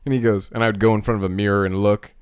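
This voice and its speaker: Man, low voice, dry close mic, casual podcast chat, lively storyteller doing voices. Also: racing, clean tone, no room sound. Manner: animated storyteller acting out quoted voices. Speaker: podcast co-host.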